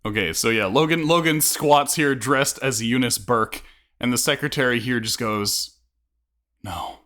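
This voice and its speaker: A man's voice: mid-range voice, moderate pace, pushed and bright. A man narrating and ruling as game master in a casual tabletop game, often repeating himself.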